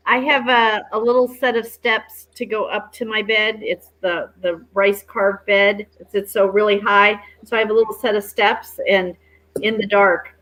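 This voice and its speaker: A woman's voice: mid-range voice, level tone, normal speed, a bit bright, low-quality recording. A woman co-hosting a casual chat who speaks in a plain, matter-of-fact way.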